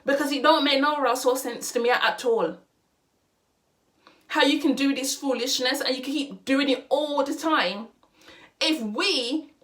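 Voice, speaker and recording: A young woman with a high voice delivers a heated opinion vlog. She hammers her points home by repeating phrases and drops Caribbean and street slang words into her speech as she talks straight to camera. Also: a bit bright. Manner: impassioned, repeats phrases for emphasis. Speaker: vlogger.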